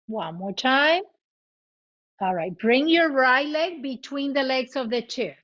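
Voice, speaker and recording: A woman guiding a chair yoga class, giving cues in both English and Spanish and demonstrating loud vocal sounds. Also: high-pitched, expressive, slow pace. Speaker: yoga instructor. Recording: muffled lo-fi recording.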